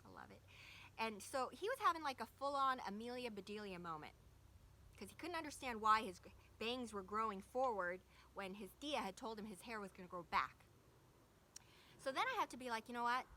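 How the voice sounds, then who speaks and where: A woman's voice: a little high, expressive, fairly quick, pushed and bright, a little hiss or hum. A woman in her thirties talking in a casual, reflective way, full of fillers and self-corrections. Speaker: vlogger.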